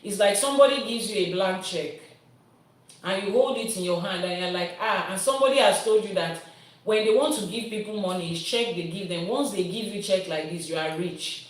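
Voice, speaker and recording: A woman's voice: medium pitch, brisk. A woman, a priestess teaching and answering viewers' questions with everyday comparisons. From Nigeria. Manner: explains with everyday comparisons, lively teacherly delivery. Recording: roomy sound from a distant mic.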